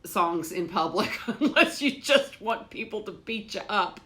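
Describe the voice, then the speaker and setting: A woman speaking slowly with a bright, forceful voice as she hosts a home livestream. She chats with viewers, laughs easily and breaks into hymns between remarks. The talk stays relaxed and unhurried. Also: mid-range voice. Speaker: host of a home cooking livestream. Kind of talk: casual livestream chat with singing. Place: home with doors open.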